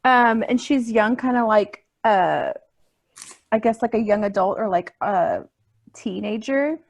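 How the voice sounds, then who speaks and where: A woman's voice: a little high, measured pace. A woman playing a tabletop game, unsure and apologetic about her character. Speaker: player. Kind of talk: casual tabletop game play.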